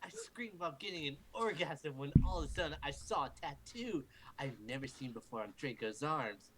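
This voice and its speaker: A man with a slightly high voice and lively intonation reads fan fiction to a group at a normal speed, playing it mock-dramatic and stopping to crack jokes and curse. It's a very noisy home recording made for a livestream.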